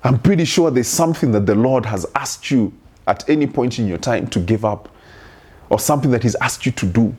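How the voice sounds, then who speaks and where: A man's voice: medium pitch, expressive, fairly quick, darkish tone, slightly rough. A man preaching a sermon in an earnest tone, building through repeated rhetorical questions. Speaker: pastor.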